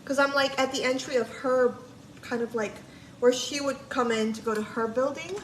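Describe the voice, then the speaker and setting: Speaking at a moderate pace in a voice that sits high, a female livestreamer casually spins a long tale, full of "like," quoted remarks and free swearing. The room echoes, and there's faint noise behind her.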